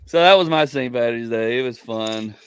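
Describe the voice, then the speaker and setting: A man, a comedian and podcast host, telling a rambling story in casual chat. He laughs at his own stories and his voice jumps up in pitch. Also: moderate pace, a bit bright, clean tone, dry recording.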